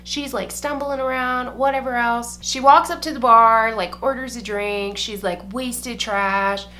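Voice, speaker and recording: A young woman with a bright, forward voice chats casually to camera as she does her makeup. She rambles loosely, swears without a second thought and fills her talk with "like." A faint hum of noise sits under her voice. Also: fairly high pitch, steady tone, unhurried. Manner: chatty and profane, heavy use of "like". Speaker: beauty vlogger. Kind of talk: casual chat while doing makeup.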